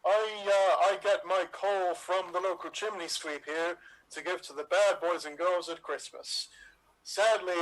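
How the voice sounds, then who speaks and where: A man's voice: fairly bright tone, low-quality recording. A man playing a jolly old Santa Claus in an improv comedy scene, telling off a naughty chimney sweep in a mock-stern way. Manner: booming "ho ho ho", mock-stern storyteller.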